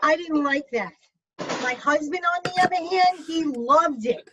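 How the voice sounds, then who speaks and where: A woman's voice: high-pitched, a little slow. A woman doing a stand-up comedy set from home, crude and self-mocking in her punchlines. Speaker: stand-up comic. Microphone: video call computer mic. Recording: muffled video call audio with background hiss.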